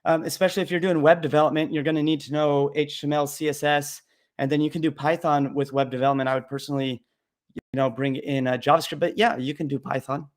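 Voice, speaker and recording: A man's voice: on the high side, flat delivery, quick pace. A young man hosting a casual live question-and-answer stream about coding, talking bluntly and jokingly with plenty of fillers.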